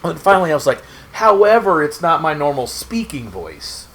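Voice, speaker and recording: A man's voice: a little high, very animated, moderate pace, a bit bright. A man from Oklahoma chatting casually and rambling in a goofy way while he plays a game on stream. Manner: rambling, goofy, self-talk while playing. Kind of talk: casual gameplay chat.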